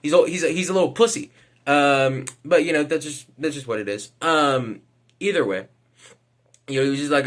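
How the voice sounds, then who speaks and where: A man's voice: fairly high pitch, normal speed, a bit bright. A man giving casual vlog commentary, hesitant, with lots of fillers and casual swearing. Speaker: vlogger.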